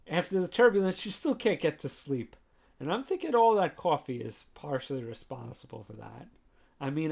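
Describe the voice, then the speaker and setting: A man hosting a podcast, giving a chatty, rambling recap of a manga chapter and adding his own commentary. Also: a little high. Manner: chatty, rambling, with frequent "like" and "you know".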